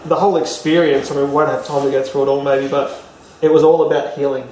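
Heard through a distant mic in a roomy space with faint ambience, this interview guest talks fast in a fairly high, darkish voice with level tone. He rambles casually through a personal anecdote, often using fillers and starting over.

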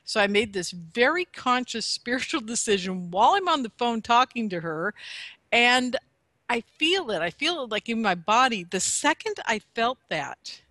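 A woman casually telling a long personal story to a host, animated and chatty, laughing often. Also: fairly high pitch, moderate pace, no room sound. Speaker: guest telling her story.

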